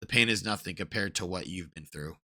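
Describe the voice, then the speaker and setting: A man reading as a calm, stoic young swordsman. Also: fairly quick, exaggerated voice. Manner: low and reassuring.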